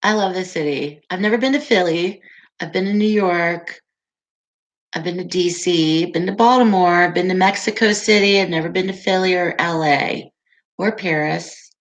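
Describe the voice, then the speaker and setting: A woman's voice: on the low side, normal speed, dull audio. A woman in her forties hosting a casual livestream, chatting and reading viewer comments aloud with frequent laughter. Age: 40s. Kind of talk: casual live-stream chat.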